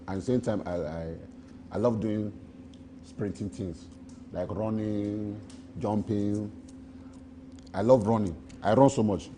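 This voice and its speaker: A man's voice: fairly low pitch, mellow, slight background noise. A Nigerian man in a street interview, rambling playfully and boasting, repeating his phrases.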